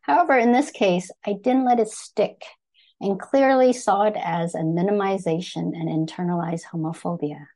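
An older woman from Thailand reading her personal essay aloud to an audience in a measured, deliberate way, pausing to correct herself now and then. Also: medium pitch, dark tone.

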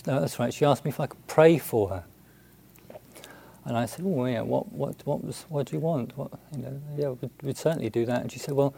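Man, buddhist monk, gravelly voice, halting storytelling, frequent fillers. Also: mid-range voice, warm tone. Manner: halting, hesitant, many restarts and fillers. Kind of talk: storytelling talk.

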